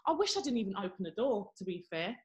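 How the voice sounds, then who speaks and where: A young woman co-hosts a podcast, telling a story in casual chat with a husky, medium-pitched voice at a fast clip. She's animated, acting out the people she quotes in exaggerated voices.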